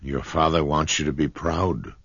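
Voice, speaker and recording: A man's voice: rumbling low, steady tone, moderate pace, fairly bright tone, breathy edge, dry recording, dull audio, exaggerated voice. A man voicing a dry, teasing young man in a storybook reading.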